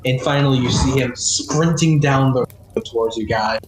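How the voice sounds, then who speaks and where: A man's voice: mid-range voice, normal speed. A man in casual speech, narrating a tabletop game as game master, loose and full of fillers. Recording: roomy echo.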